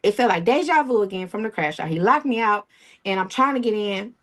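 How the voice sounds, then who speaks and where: A woman of middle pitch tells a painful personal story to an interviewer. She speaks in a halting, emotional way and voices the quoted lines of the people involved as she goes. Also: animated, fairly bright tone. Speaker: interview guest.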